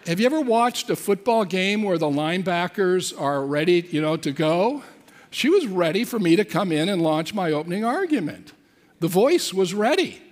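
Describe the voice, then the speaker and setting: A man's voice: high voice, very animated, moderate pace. A man preaching a sermon, telling a personal story in an earnest way and asking the audience questions. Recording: long hall reverb.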